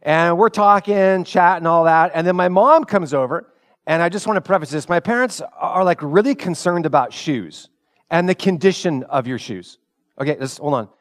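A man's voice: fairly high pitch, normal speed. A man preaching a sermon as pastor, telling stories in a loose conversational way and asking the congregation rhetorical questions.

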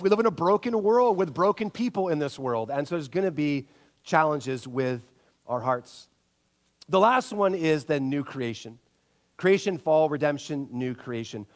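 A middle-aged man preaching a sermon, telling stories and acting out the people in them with big jumps in his voice. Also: moderate pace. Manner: animated storytelling, acts out quotes with big pitch jumps. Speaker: pastor.

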